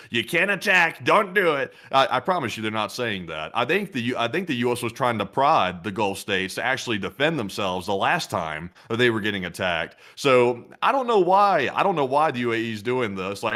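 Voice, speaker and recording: A man's voice: mid-range voice, a bit bright. A man co-hosting a casual news livestream, rambling and sarcastic with many fillers. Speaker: co-host.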